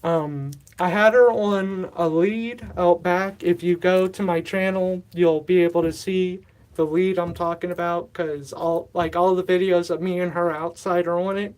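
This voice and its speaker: A man's voice: sits high, steady tone, measured pace, a little mellow, smooth. Thirties male streamer, slightly breathless, loose and rambling, self-deprecating, casual chat from a stuffy humid room. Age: 30s. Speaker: livestream host. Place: stuffy warm humid indoor grow room.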